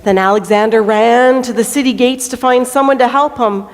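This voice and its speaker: A woman tells a children's story at a church service, slow and deliberate in her reading. Her voice sits fairly high, and a long reverb from the church hall trails each phrase.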